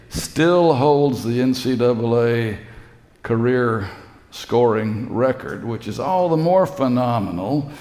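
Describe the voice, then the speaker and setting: A male pastor delivers a sermon at an unhurried pace, letting his phrases breathe before building to forceful emphasis. His voice carries through a church sanctuary with a long, roomy reverb. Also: mid-range voice. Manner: slow storytelling preacher, rising to emphatic peaks. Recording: echoey church hall.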